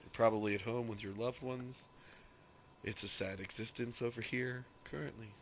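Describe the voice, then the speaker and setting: A man streaming a game and chatting casually, ranting loudly with profane jokes. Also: mid-range voice, steady tone, moderate pace, slight background noise. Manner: loud, ranting, profane joking. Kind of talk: casual gaming stream chat.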